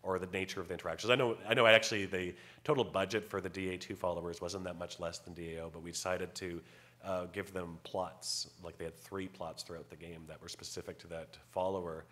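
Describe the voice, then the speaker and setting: A man with a very low voice talks on a convention panel, stopping and restarting often as he explains things. His humor is dry and wry. The talk is casual. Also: little pitch movement, a bit bright. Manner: halting, many restarts and fillers, wry. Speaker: game writer on a convention panel.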